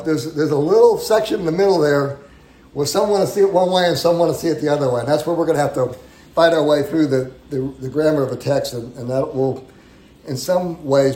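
Guy preaching a bible lesson, kinda high voice, echoey church room, chatty and pushes hard on key lines. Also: dark tone. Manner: conversational, repeats words, emphatic on key phrases. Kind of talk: sermon teaching. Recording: roomy echo.

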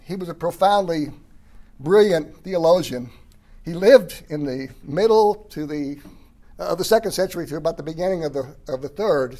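A man preaching a sermon, explaining a passage in a relaxed, conversational way and often clearing his throat. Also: on the high side. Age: 30s or older. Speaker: pastor. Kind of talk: sermon teaching.

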